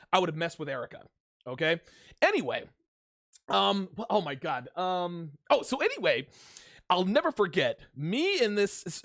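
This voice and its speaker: A man hosting his own solo show, telling a story and commenting in a casual, animated, profane way, often restarting his sentences. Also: high-pitched, no echo, studio quality. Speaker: host of a commentary channel. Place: solo home studio with a fan nearby.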